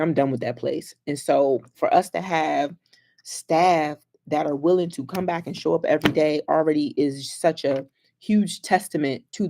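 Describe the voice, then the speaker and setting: A young woman school counselor, chatting casually with families, telling playful stories and laughing often. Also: sits low. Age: young adult. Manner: animated storyteller, laughs often, playful slang. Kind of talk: casual livestream chat with families.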